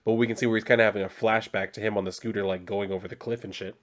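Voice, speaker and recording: A man's voice: fairly low pitch, fairly even intonation, racing. A man reviewing a comic book in a casual, rambling recap full of "like" and swearing. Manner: rambling, profane, heavy on "like".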